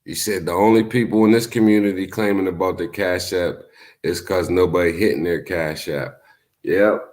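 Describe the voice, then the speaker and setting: Laid-back man chatting on a livestream. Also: moderate pace. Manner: animated storytelling, acts out quotes in high voices. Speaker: YouTube streamer. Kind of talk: casual live-stream commentary.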